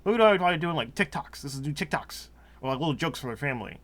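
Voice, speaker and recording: Lively, bright-voiced man commenting on gameplay. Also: on the high side. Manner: rambling, jokey, quick to laugh. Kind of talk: let's play commentary.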